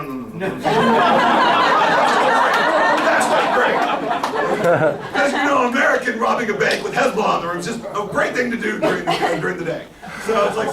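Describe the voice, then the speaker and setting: A man giving a talk to a live audience, telling a story in an animated way and laughing often. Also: high-pitched. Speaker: guest speaker. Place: meeting room with audience. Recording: echoey room, far from mic, noisy.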